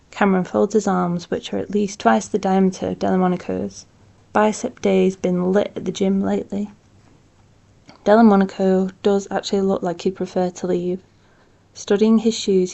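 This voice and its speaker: Woman reading a book aloud, gravelly low voice, dark mellow tone, calm. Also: unhurried. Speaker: audiobook reader.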